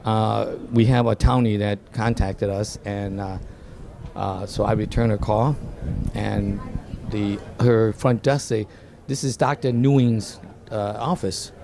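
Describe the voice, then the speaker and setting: A man's voice: lowish voice, steady tone, takes it slowly, creaky, crowd noise. A man, a guest telling stories in a casual interview and often repeating words as he starts a sentence. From Vietnam. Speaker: dental office design guest.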